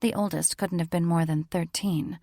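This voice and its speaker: A woman narrating a romance audiobook in a measured storytelling manner. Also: lowish voice, fairly even intonation, mellow, no room sound, studio quality. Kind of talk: scripted narration.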